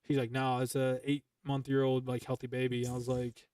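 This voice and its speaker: A man's voice: mid-range voice, monotone, moderate pace, a little mellow, smooth. A young man, a former Marine sergeant hosting a podcast, telling stories casually with lots of swearing and emphasis. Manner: profane, emphatic, full of fillers. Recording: dry, from some distance to the mic.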